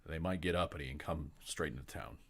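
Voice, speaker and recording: Man voicing a gruff rural townsman, blunt, folksy drawl, very deep. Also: quick pace, exaggerated voice. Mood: matter-of-fact.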